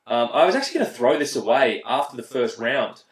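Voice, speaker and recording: An Australian man hosts casual commentary on a mobile game, ranting bluntly and swearing freely as he plays for his channel. His mid-range voice is expressive and a little fast, heard in a roomy, rough recording.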